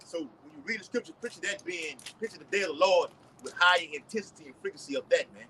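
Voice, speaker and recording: Southern dude reading bible verses out on the street, slow and loud, kinda high voice, faint traffic. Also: male voice, poor audio. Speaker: street preacher. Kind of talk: reading scripture aloud and preaching.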